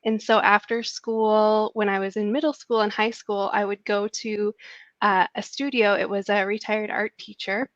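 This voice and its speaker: A woman's voice: mid-range voice, little pitch movement, moderate pace, no echo. A woman guest in a casual interview, giggly and friendly, telling rambling stories. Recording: dull lo-fi dry sound.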